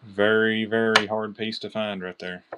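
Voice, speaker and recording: Kentucky man, low-pitched, excitable live auction seller who keeps naming his bidders. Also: unhurried, heavy background noise. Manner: chatty, excited, calls out bidders by name. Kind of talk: live-stream auction selling.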